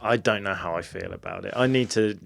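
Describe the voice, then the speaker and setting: A man's voice: low voice, brisk, gravelly, a bit bright. A man co-hosting a paranormal podcast, chatting casually in a self-deprecating way with frequent laughs. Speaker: podcast co-host. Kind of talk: casual chat.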